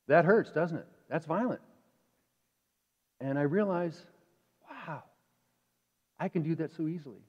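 Male pastor, sermon, fairly high voice, lively and chatty delivery; dull recording with long church-hall reverb. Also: unhurried, pauses often, husky. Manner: animated, acts out inner voices; conversational, asks the congregation questions. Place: church sanctuary.

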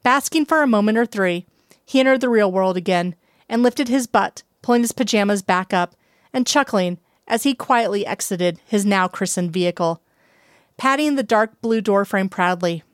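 A woman reading a story aloud as narrator, steady and unhurried. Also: medium pitch, smooth, no echo, clean studio sound. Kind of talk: reading fan fiction aloud.

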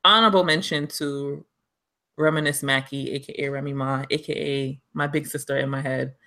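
A woman's voice: low voice, steady tone, moderate pace, pushed and bright. A woman with a New York accent, co-hosting a podcast in chatty, emphatic casual talk and laughing often. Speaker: podcast co-host. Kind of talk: casual chat.

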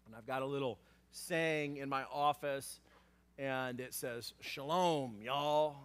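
A man preaching a sermon as pastor, conversational and animated, with frequent fillers and acted-out lines for scripture characters. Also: mid-range voice, takes it slowly, clear, resonant tone. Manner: acts out scripture characters in a raised voice.

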